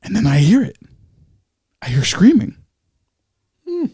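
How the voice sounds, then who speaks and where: A man's voice: sits high, huge pitch swings, a little slow, dark tone, husky. A man co-hosting a podcast, telling a story in a rambling, self-correcting way, swearing freely and acting out his own reactions. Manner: acts out his own reactions in quoted asides. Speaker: podcast co-host. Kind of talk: casual storytelling chat.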